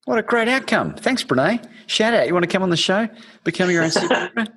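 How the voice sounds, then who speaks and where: A man's voice: high-pitched, expressive, quick pace, fairly bright tone, breathy edge. A man hosting a podcast, telling stories in a rambling, casual way with many restarts. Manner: storytelling, rambling, frequent restarts and swearing. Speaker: podcast host. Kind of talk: casual interview chat.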